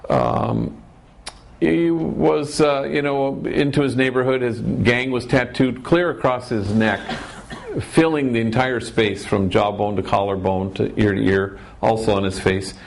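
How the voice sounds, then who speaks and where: A middle-aged priest speaks with a gravelly edge at a middle pitch. He tells his anecdote in a wry, storytelling way and stacks up short, punchy lists. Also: fairly even intonation, unhurried. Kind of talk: storytelling talk.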